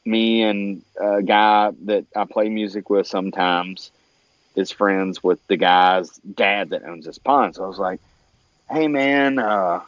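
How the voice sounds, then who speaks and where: A man telling a long story in casual conversation, acting out what others said in a higher voice and laughing often, with plenty of fillers. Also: a little slow, dry recording, lo-fi sound. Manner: animated, acts out quoted dialogue in a higher voice. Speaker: podcast guest.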